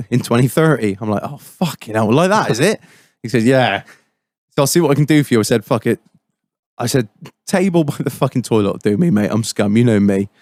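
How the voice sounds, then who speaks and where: A man's voice: medium pitch, darkish tone, no room sound, studio quality. A man on a casual podcast, swearing freely, laughing and mimicking people as he tells stories. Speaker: podcast co-host. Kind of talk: casual banter with friends.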